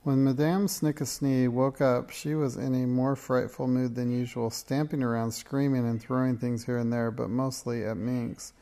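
A man narrating a children's storybook as an audiobook reading, in a steady, plain storytelling manner. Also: medium pitch, moderate pace, hardly any pauses.

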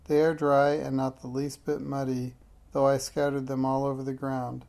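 A storyteller reading a calm, clever boy detective from a children's book in an even, unhurried way. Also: mid-range voice, creaky, close to an everyday voice.

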